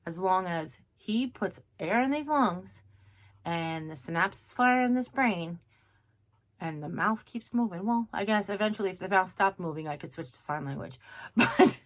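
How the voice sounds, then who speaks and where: A woman's voice: medium pitch, expressive, normal speed. A middle-aged woman talking casually to her viewers in a craft vlog, chatty, rambling and self-mocking. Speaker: craft vlogger.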